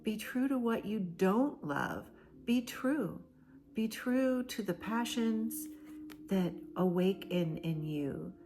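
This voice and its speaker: Slow, soft-spoken woman oracle reader. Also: medium pitch, lively intonation, background noise. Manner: slow, emphatic and repetitive, dropping into soft breathy near-whispers. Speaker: spiritual oracle card reader. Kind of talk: channeled collective oracle card reading.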